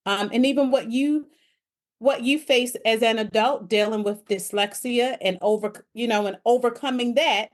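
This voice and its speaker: A woman with a fairly high voice hosts a wellness podcast. She affirms her guest and chats in an easy, conversational way. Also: moderate pace. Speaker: podcast host. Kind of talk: podcast interview.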